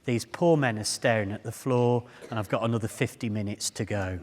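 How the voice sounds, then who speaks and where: Man, public speaker, animated self-deprecating storyteller, long hall reverb. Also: on the low side, fairly quick, a little hiss or hum. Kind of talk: humorous storytelling talk. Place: large hall before a live audience.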